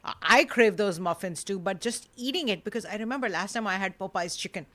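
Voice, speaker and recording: A woman's voice: mid-range voice, fairly quick, fairly bright tone. Brief: woman co-host, easy conversational delivery, lots of casual fillers. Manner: chatty, lots of fillers like "like" and "you know". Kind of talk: casual podcast chat.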